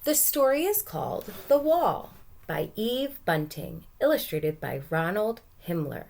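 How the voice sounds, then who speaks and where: A woman teacher reading a picture book aloud to young children, gentle and encouraging, stopping to ask questions. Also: medium pitch, big pitch swings, unhurried, creaky.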